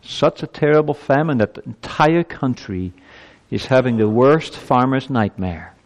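A man's voice: mid-range voice, expressive, unhurried, long reverb tail. A man preaching a sermon to his congregation. He reads scripture with rising emphasis and asks earnest rhetorical questions.

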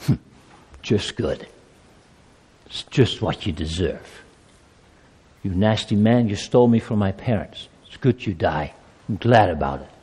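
A man's voice: lowish voice, animated, a little slow, long pauses, dark tone, breathy edge, in a large hall, voice pushed down. A man voicing a lonely little servant girl, speaking in an earnest, pleading way. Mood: bitter muttering.

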